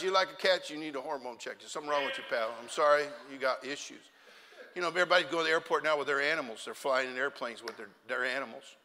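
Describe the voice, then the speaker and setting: A middle-aged male pastor preaching a sermon, telling humorous stories with animated outbursts to a church congregation. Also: a little high, in a large hall. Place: church sanctuary.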